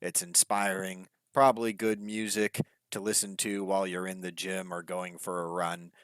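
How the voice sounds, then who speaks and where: A man's voice: low voice, little pitch movement, moderate pace, fairly bright tone, clear, resonant tone, dry recording. A man co-hosting a podcast, talking through an album review in a rambling, hedging way with lots of fillers. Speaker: podcast co-host. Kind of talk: casual music review chat.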